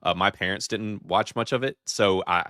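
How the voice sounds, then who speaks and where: Male co-host, deep and firm voice, dry close sound, talks things through carefully. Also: pushed and bright, clean tone, dry recording. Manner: measured, hedging, thinking aloud. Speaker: podcast co-host. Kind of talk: casual chat.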